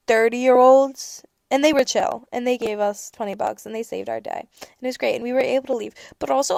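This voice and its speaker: A woman's voice: fairly high pitch, creaky, darkish tone, dry recording. A young adult woman hosting a podcast, telling a story in a casual chat with sarcastic rants and acted-out bits of dialogue. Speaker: podcast host.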